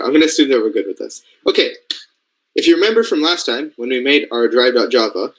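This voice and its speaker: A medium-pitched male voice comes through a low-quality recording. The speaker, a young man from Canada who mentors robotics programmers, works through a casual coding lesson over screen share, thinking aloud and regularly asking whether his audience is with him.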